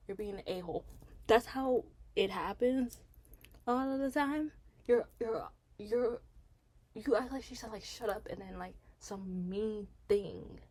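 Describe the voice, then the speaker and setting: A woman giving casual commentary on a reality show, rambling and animated, with frequent restarts and fillers and rising emphasis when indignant. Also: medium pitch. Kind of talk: casual opinion vlog.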